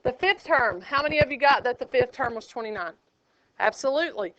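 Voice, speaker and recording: High-voiced teasing woman teacher. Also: expressive, fairly quick, fairly bright tone, a little hiss or hum. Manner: teasing, joking with students. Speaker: math teacher. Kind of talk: classroom teaching. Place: classroom. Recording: dull lo-fi classroom recording.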